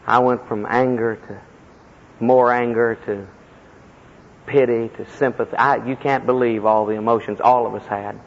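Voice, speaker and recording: A man preaching a sermon as a personal story, impassioned, with sudden leaps in pitch and heavy emphasis. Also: level tone, moderate pace. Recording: echoey hall, dull lo-fi sound.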